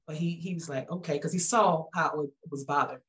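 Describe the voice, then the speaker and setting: Woman, lowish voice, church testimony, animated storytelling, quotes people vividly. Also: a little fast. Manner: animated, acts out quoted voices with big pitch jumps; casual speech with frequent restarts. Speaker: guest giving a church testimony. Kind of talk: personal testimony, conversational storytelling.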